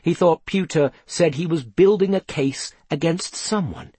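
A man reading a children's fantasy story aloud in a measured storytelling delivery. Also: fairly high pitch, warm tone, slightly rough, no room sound. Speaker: audiobook narrator. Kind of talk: scripted narration.

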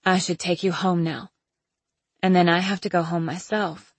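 A quiet, reserved grown woman, as an audiobook narrator voices her, with a lowish voice and a held-back delivery. The read is dry and close. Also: level tone, normal speed, dry recording, close to an everyday voice. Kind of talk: audiobook character voice.

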